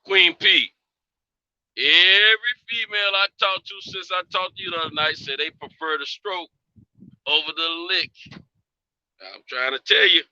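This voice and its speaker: A man's voice: high voice, a little slow, pauses often, bright, forceful tone, dry recording. A man joining a live stream as a guest, boastful and joking in casual chat. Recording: dry, lo-fi call audio.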